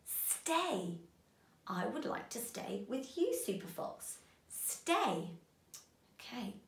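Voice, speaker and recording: A woman leads a children's phonics lesson, drawing out each sound slowly and with care. Her pitch swoops up and down in a bright sing-song, and the room around her rings with a noticeable echo. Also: sing-song. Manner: slow, sing-song, encouraging teacher talk to young children. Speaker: phonics teacher. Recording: roomy echo.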